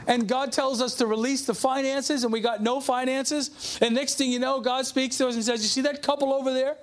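A man's voice: very high-pitched, level tone, moderate pace. A middle-aged man preaching a sermon, telling a personal testimony in a conversational way and calling out to the congregation. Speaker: pastor.

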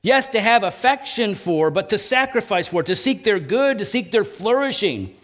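A man's voice: high voice, sing-song, moderate pace, a bit bright. Man preaching a conversational sermon. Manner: conversational preaching with frequent "right?" asides and emphatic swells. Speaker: pastor.

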